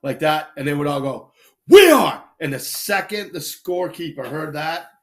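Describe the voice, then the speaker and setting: Animated storytelling man. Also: a little high, normal speed. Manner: animated anecdotes, acts out voices and shouts. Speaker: live stream host telling stories. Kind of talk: casual storytelling.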